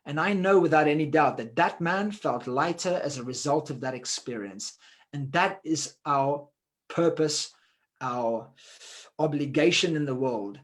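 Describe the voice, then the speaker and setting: A man with a somewhat high-pitched voice, speaking in heartfelt personal testimony. He sounds earnest and moved, and he rushes through some stretches before drawing out the words that matter most. His style suits a speaker on a wellbeing panel. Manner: earnest and emotional, often quick, slowing down to stress key words. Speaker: forum panelist sharing a personal story.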